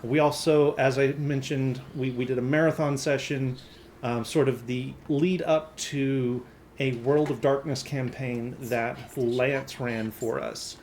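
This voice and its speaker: A man's voice: mid-range voice, fairly even intonation, slow, a little mellow, slight background noise. A man hosting a tabletop game stream, giving loose, rambling announcements full of fillers and restarts. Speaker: game master and host.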